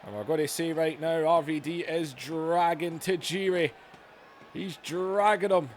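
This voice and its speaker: A man giving excitable play-by-play commentary over a video game, going from low chatter to yelling. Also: measured pace, slight background noise. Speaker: gaming channel host.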